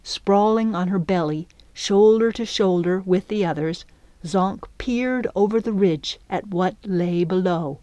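A woman narrating a children's adventure audiobook in a measured, even storytelling manner. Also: mid-range voice, dry recording, lo-fi sound. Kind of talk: scripted narration.

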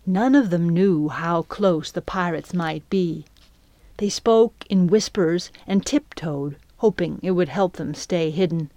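A woman narrating a children's adventure audiobook in a measured, even storytelling manner. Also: on the low side, no echo. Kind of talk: scripted narration.

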